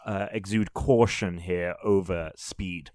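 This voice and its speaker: A young man playing a tabletop game, asking questions and planning deliberately. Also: low-pitched, fairly even intonation, darkish tone, dry recording, clean studio sound. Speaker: player. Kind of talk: casual tabletop play.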